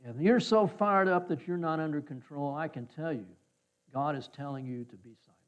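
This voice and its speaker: A pastor with a voice on the high side speaks at normal speed while preaching. He relates a personal story in a folksy manner, acting out the voices of people he quotes, on a recording that sounds slightly dull and muffled.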